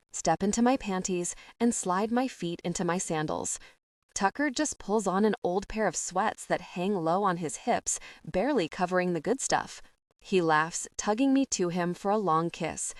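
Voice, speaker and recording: Woman reading a romance audiobook, lowish voice, slow and intimate, dry room. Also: animated, no echo. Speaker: audiobook narrator. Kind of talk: first-person romance narration.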